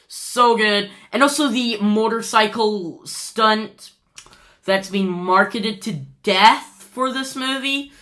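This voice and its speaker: A woman's voice: fairly high pitch, pushed and bright. A woman giving an unscripted movie review in a casual vlog, gushing and rambling with lots of fillers and restarts.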